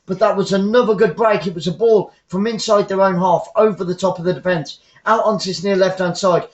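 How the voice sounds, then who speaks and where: A man calls a football match live for his fan channel, chatty and excitable as he follows the ball. His voice sits high for a man. The sound is roomy and a little dull, like a lo-fi home stream. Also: brisk. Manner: chatty, excitable, reads out viewer comments. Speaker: fan commentator.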